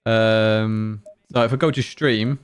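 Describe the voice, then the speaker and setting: Streaming a racing game with engine noise in the background, a Blackpool man talks in a lowish, smooth, steady voice at a slow pace. He's chatty and rambling, frequently laughing and reading out chat.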